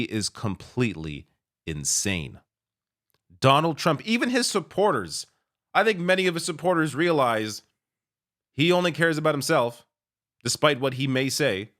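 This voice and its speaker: A man's voice: medium pitch, fairly bright tone. A man commenting on news clips, sarcastic and exasperated, often laughing in disbelief. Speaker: political commentator.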